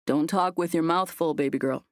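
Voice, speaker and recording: A woman voicing a gentle, reserved young man in an audiobook, speaking calmly. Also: deep voice, moderate pace, no room sound, studio quality, natural voice.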